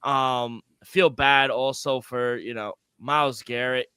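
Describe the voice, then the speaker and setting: A man co-hosting a sports betting podcast, talking casually and excitably, with loose restarts and the odd swear. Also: mid-range voice, measured pace, clear, resonant tone, dry recording. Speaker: podcast co-host.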